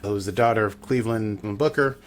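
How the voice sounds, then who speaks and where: A man's voice: on the low side, brisk. A man co-hosting a podcast, chatting casually and jokily as he recaps a TV episode with asides. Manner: chatty and jokey, riffing with asides. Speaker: podcast co-host.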